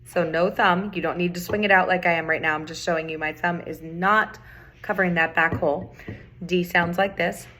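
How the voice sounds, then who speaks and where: A woman's voice: lowish voice, fairly even intonation, normal speed, a crowd in the background. A middle-aged woman teaching a recorder lesson, patiently repeating key points and chanting rhythms aloud. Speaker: music teacher. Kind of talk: recorder tutorial.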